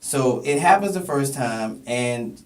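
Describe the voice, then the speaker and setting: A man hosting a podcast who asks his guest questions haltingly and often restarts them. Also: mid-range voice, animated. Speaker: podcast host. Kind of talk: interview questions. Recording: roomy echo, voice far from the mic.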